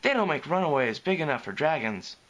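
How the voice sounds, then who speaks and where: A man putting on a soft, timid little mare. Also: a little high, big pitch swings, a little fast. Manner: soft, meek and hesitant.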